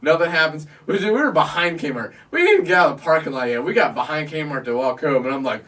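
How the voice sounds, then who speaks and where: A man's voice: a little high, expressive, fast talker, bright, forceful tone, far from the mic. A man hosting a podcast, telling a crude story from his youth in casual chat, swearing and laughing often. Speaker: podcast host.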